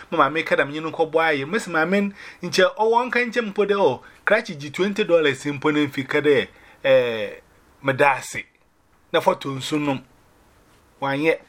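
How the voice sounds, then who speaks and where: A man sharing a personal faith testimony, telling it in an animated way and dropping in English phrases. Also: a little high.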